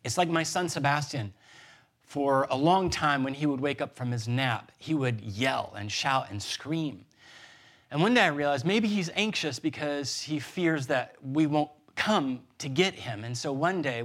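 A man in his thirties preaching a sermon as pastor, earnest and gentle, building emphasis through repetition. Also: mid-range voice.

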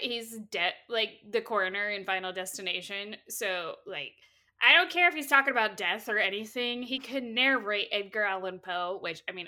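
A woman co-hosting a podcast in casual chat, giggly and animated when excited. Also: mid-range voice. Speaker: podcast co-host.

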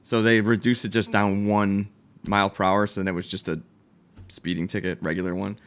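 A young man co-hosting a casual chat, telling a story with lively quoted dialogue, swearing and laughing as he goes. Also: on the low side, brisk. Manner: animated, acts out quoted dialogue, swears freely, laughs often. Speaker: podcast co-host.

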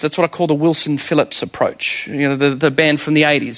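An Australian man in his thirties preaches with a high, light voice. He is animated, puts rhetorical questions to the congregation and laughs often as he goes. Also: brisk, few pauses. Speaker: pastor. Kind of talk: sermon.

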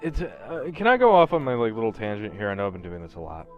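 Low-voiced man in casual chat. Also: animated, quick pace, faint music behind. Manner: rambling, swears freely. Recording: dull lo-fi recording.

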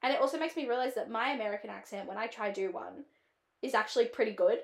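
Aussie woman rambling about a movie, says like a lot, higher voice, kinda echoey room. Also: quick pace. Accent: Australian. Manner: rambling, heavy use of "like", drifts into tangents. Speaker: podcast host reviewing a film. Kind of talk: casual chat.

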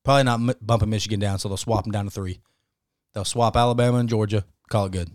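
A man co-hosting a casual sports podcast, talking in a profane, emphatic and animated way. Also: fairly low pitch, quick pace, dry recording, studio quality. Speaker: podcast co-host.

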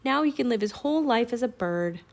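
A woman voicing a thoughtful, kind young boy in a children's storybook, earnest and gentle. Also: a little high, animated, a little fast.

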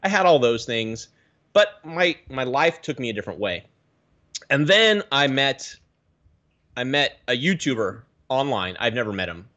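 A man in his thirties from the Pacific Northwest, a guest telling his story in a casual interview with lively swings of pitch. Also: a little slow, muffled recording. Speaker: guest, reef aquarium YouTuber.

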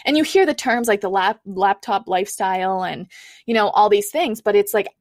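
A young woman speaks as a podcast guest, recounting her own story in a candid, chatty way and dropping "like" often. Her voice sits at an ordinary middle pitch. It comes through a close mic in a dry room. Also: normal speed, a little mellow, no room sound. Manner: chatty and candid, frequent "like" fillers. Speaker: podcast guest, niche coach. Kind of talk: casual personal storytelling.

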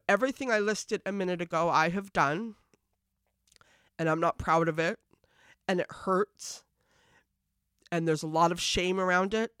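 A woman's voice: on the low side, fairly bright tone, clean tone, dry recording, clean studio sound. A woman earnestly sharing her personal testimony and reciting her own spoken-word poetry. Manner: earnest, heartfelt, pleading in her poem lines.

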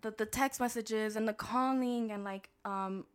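Bright-voiced young woman, candid and chatty. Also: medium pitch, fairly even intonation, a little fast. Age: young adult. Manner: candid storyteller, laughs often, lots of fillers. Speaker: podcast co-host. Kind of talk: casual chat. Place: home recording room.

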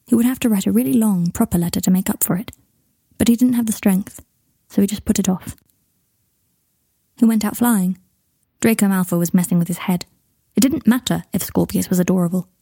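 A woman's voice: medium pitch, dark tone, no echo. A woman reading a story aloud, narrating and lightly voicing letters and dialogue. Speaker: fanfiction reader. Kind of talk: scripted narration.

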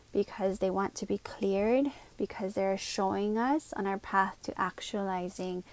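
Woman, solo podcast host, earnest, confiding, quick asides, slowed emphasis, mid pitch. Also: a little mellow. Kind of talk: reflective solo podcast monologue.

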